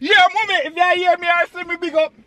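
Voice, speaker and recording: A man's voice: extremely high pitch, fairly even intonation, quick pace, fairly bright tone, dry recording. A man in a comedy sketch, rambling in carefree patois.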